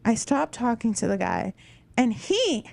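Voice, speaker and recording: A woman's voice: on the high side, measured pace, gravelly. Young woman telling a story, swearing freely. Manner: animated storytelling, swears often, many "like"s. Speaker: podcast co-host. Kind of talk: casual chat.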